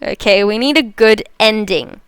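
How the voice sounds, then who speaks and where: A woman's voice: medium pitch, normal speed, fairly bright tone, clear, resonant tone. A woman from South Africa hosting a live stream, chatting casually, laughing and reading out viewer comments. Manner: chatty, laughs often, reads chat aloud.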